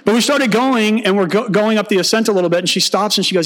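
A man's voice: sits high, fairly even intonation, fast talker, a bit bright. A male pastor preaching a sermon, mixing teaching with humorous storytelling and acted-out dialogue.

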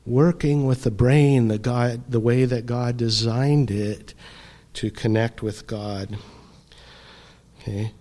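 Slow, reflective male preacher. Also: medium pitch, steady tone. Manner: slow, reflective preaching with pauses and soft drops. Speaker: pastor. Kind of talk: sermon.

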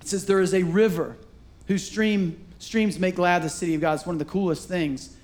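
A man's voice: sits high, moderate pace. A middle-aged man preaching a sermon in a church, telling stories and acting out the voices of the people in them. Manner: animated storytelling with acted-out voices. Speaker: pastor. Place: church sanctuary.

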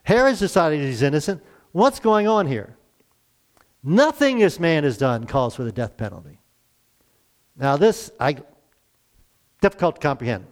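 A man's voice: a little high, big pitch swings, normal speed, pauses often. A man preaching a conversational sermon, retelling scripture and voicing the people in it.

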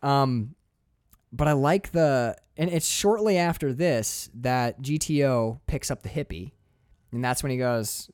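A man, a podcast co-host, casually and profanely retelling a movie scene with lively energy. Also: medium pitch, dry recording, studio quality. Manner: animated, profane, quick storytelling. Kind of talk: casual film discussion.

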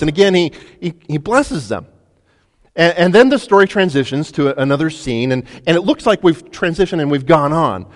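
A man preaching a sermon, retelling a story with lively, dramatic delivery and frequent restarts. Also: on the high side, big-room sound. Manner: storytelling, animated, acts out quotes. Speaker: pastor.

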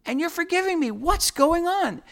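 A man voicing an anguished, devout man who shouts and pleads desperately at God. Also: very high voice, lively intonation, normal speed, voice pushed up, full character voice. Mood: frantic disbelief.

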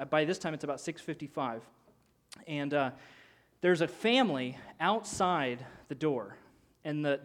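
Male pastor in his thirties, mid-high voice, animated storyteller who voices the people in his story. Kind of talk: sermon story.

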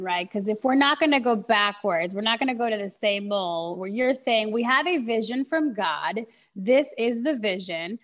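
A woman hosting an interview, thoughtfully steering the conversation to the next topic. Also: medium pitch.

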